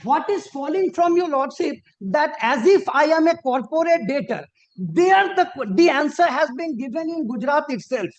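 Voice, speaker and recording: A man arguing formally before a judge as an advocate, deferential and halting, with frequent restarts and emphatic rises on key points. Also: extremely high pitch, expressive, muffled recording. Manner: deferential, peppered with repeated formal address to the bench. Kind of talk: formal courtroom argument. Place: courtroom.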